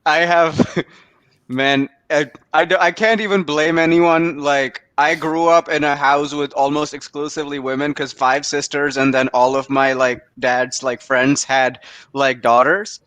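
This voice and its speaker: A man's voice: on the high side, little pitch movement, unhurried, a bit bright, clear, resonant tone, no echo. Rambling young man hosting a comedy show. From Canada. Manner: rambling, self-deprecating, laughs at his own jokes. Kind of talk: stand-up comedy set.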